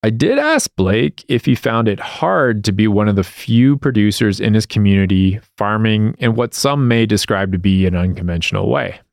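A man hosting a podcast interview, speaking in a measured, plain-spoken way. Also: fairly low pitch, expressive, gravelly, dry recording, studio quality. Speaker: podcast host. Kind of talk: interview narration.

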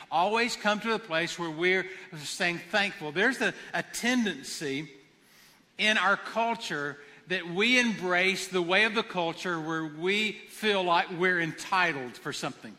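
Bright, high-voiced man preaching. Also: big-room sound. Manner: earnest, repeats phrases for emphasis. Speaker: pastor. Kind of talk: sermon.

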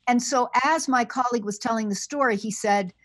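A woman scholar, soft-spoken and thoughtful, speaking as a guest on a podcast interview over a remote line with frequent fillers. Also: fairly high pitch, brisk, no echo. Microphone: remote call line.

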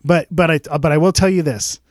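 Chatty man, slightly high, dry sound. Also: fairly even intonation, a little fast, no echo. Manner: rambling, laughs often, restarts sentences. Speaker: podcast co-host. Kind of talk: casual sports chat.

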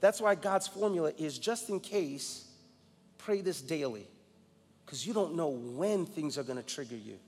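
A man's voice: on the high side, animated, unhurried, husky, in a large hall. A man in his forties from New York, a guest pastor preaching a sermon with emphatic personal storytelling. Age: 40s.

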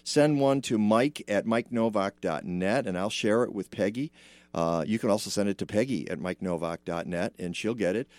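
A man's voice: fairly low pitch, moderate pace, a little mellow, no room sound. A man hosting a radio show from a studio, chatting casually and rambling, with plenty of filler.

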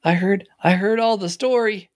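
A man's voice: sits high, normal speed, close to an everyday voice. A man voicing a scrappy young boy who begs to help, stammering and eager.

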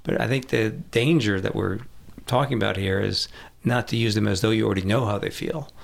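A man's voice: on the low side, fairly quick, creaky. A middle-aged man from Rhode Island, chatting casually about sales and telling anecdotes, chuckling often. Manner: storytelling, acts out voices, chuckles often. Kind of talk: casual podcast conversation.

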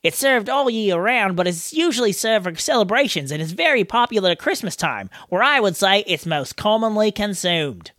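A man's voice: high-pitched, lively intonation, normal speed, few pauses, bright, forceful tone, no echo, studio quality. A man putting on an exaggerated Australian accent to read aloud an Australian man's email. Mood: playful. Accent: put-on Australian. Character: Australian man reading his listener email. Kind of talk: reading a listener email aloud.

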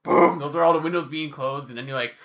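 A man's voice: fairly high pitch, fast talker. A young man hosting a podcast in casual chat, telling stories and putting on voices for the people and animals in them. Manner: animated, acts out voices in anecdotes. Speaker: podcast host.

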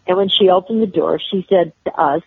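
An older woman from Chicago, a guest telling personal stories in an interview, with halting restarts. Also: on the low side, husky, dry recording. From Chicago, USA. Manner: warm storyteller, halting restarts. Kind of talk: storytelling interview. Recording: tinny phone-line audio.

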